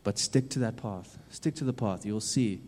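A youth preacher delivers a sermon in a low, mellow voice at normal speed, his words carrying the long reverb of a large hall. He urges his listeners earnestly and repetitively, swinging suddenly between a hush and loud, swelling passages.

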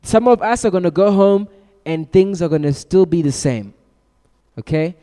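A man's voice: high voice, animated, moderate pace, mellow. A man giving a motivational talk, energetically rallying his audience. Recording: long hall reverb.

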